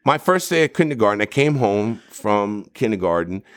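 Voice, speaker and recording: A man from New Jersey telling stories in casual podcast chat, profane and animated. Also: on the low side, normal speed. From New Jersey, USA.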